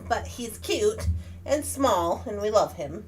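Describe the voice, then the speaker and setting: Woman, chatty, lively pitch, live craft host. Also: slow, a little hiss or hum. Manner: chatty, animated, talks to her pet and viewers. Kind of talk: casual live craft tutorial.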